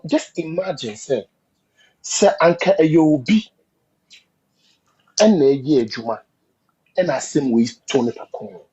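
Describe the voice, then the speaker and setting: Ghanaian man, political commentator, emphatic and repetitive, lively pitch, slightly raised voice. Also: breathy edge. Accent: Ghanaian English. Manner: emphatic, repetitive, mixes in Twi phrases. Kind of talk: heated political discussion. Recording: dull lo-fi audio.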